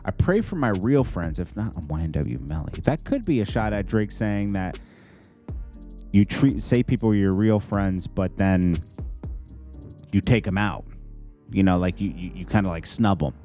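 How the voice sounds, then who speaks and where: A man casually breaking down a rap diss track, rambling with lots of fillers and pitched-up mock quotes. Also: animated, normal speed, dark tone, faint music behind. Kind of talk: casual reaction commentary.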